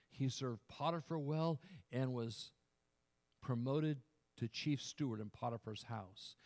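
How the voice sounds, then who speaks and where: A man preaching a sermon, who swells loud to stress a point, then drops quiet and earnest, and often restarts words as he presses on. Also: mid-range voice. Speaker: pastor.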